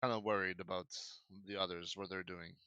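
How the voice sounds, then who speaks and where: A man running a tabletop game as game master, narrating haltingly with frequent restarts. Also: sits low, fairly even intonation, clean tone, dry recording, dull audio. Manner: hesitant, many fillers and restarts. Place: home streaming setup.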